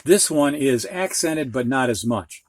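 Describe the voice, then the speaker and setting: Middle-aged guy teaching reading, talks real slow and patient, dry sound. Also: medium pitch, expressive, dry recording. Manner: patient, spells out letters step by step. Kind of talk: instructional video lesson.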